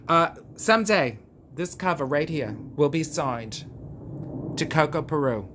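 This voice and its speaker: A man talks straight to his viewers in a camp, theatrical storytelling style, gushing and drawing out his words for effect. He sits in a quiet spot with a faint hum of ambient noise behind him. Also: a little high, expressive, unhurried. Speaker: vlog host. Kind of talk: casual chat monologue.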